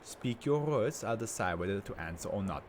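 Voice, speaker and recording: A man's voice: fairly low pitch, animated, moderate pace, noisy background, lightly acted. A man voicing an arrogant male tycoon who is a brain in a jar, speaking in a grandiose, contemptuous way. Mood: haughty.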